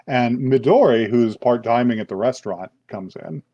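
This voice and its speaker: A man hosting a podcast, telling an anime story in casual chat, with lots of laughter and quick switches into voices. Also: mid-range voice, no echo. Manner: animated, laughing storyteller who acts out voices. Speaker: podcast host.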